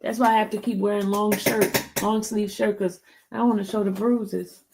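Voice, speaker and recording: A woman's voice: mid-range voice, little pitch movement, normal speed, creaky, noisy background. A woman vlogger chatting casually to her viewers, rambling and answering comments from live chat.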